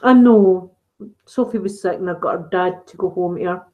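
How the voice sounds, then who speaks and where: Chatty Scottish woman, mellow voice. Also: fairly low pitch, normal speed, poor audio. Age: middle-aged. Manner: chatty storytelling, frequent laughs. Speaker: ASMR channel host. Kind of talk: casual live-stream chat.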